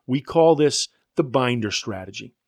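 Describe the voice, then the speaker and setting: A man's voice: mid-range voice, expressive, normal speed, darkish tone. A man teaching a prospecting course, talking conversationally with blunt asides and stories. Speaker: sales trainer. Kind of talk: instructional talk to an audience.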